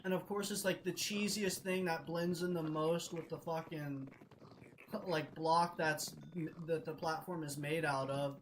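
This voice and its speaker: A young male streamer retelling a multiplayer game mishap in an animated, laughing way, swearing constantly. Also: on the high side, measured pace, a little hiss or hum, low-quality recording. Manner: excitable, swears constantly, laughs between lines. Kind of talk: animated gaming story retelling.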